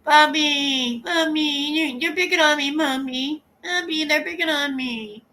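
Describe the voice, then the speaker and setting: A woman's voice: unhurried, bright, forceful tone. A woman putting on the voice of a whiny grown woman who tattles to her man and complains that people are picking on her. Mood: whining. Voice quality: whining, high-pitched.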